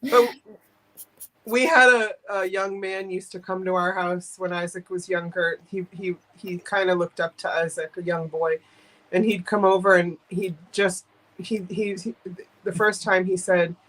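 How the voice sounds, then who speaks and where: A woman's voice: fairly low pitch, fairly even intonation, unhurried, fairly bright tone, rough recording. Joking, chatty woman selling vintage items. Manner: joking, chatty, laughs often. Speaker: host of a live vintage sale. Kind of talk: casual sales chat.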